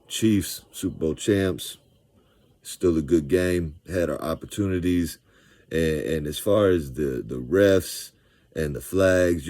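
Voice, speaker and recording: Deep-voiced man recapping a game. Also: dry recording. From Georgia, US. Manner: animated, slangy, storytelling. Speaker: sports fan vlogger. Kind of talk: casual fan recap.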